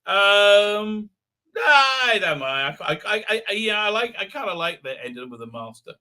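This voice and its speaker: A man's voice: sits high, big pitch swings, a little slow, sharp tone. A middle-aged man hosting a casual livestream, rambling with many fillers and restarts. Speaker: livestream host.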